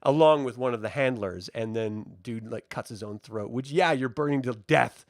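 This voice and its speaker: A man's voice: medium pitch, normal speed, dry recording, clean studio sound. A young adult man casually reviewing a TV episode, chatty and profane, often losing track of names. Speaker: TV review host.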